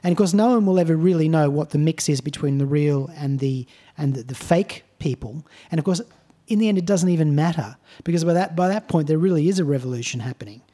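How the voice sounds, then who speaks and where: A man's voice: a little high, fast talker, dark tone. A male radio host in casual talk, thoughtful and hesitant, often repeating words as he searches for them. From Australia.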